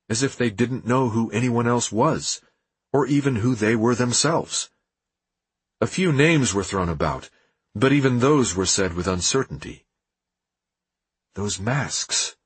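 A man narrating an audiobook in a steady, measured reading with a husky voice. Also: mid-range voice, no echo.

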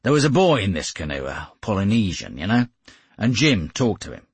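A man doing a rough Australian sailor. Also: on the low side, big pitch swings, moderate pace, no echo, full character voice. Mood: easygoing yarn. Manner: broad, easygoing yarn-spinning. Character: haggard Australian sailor around forty. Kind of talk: audiobook reading.

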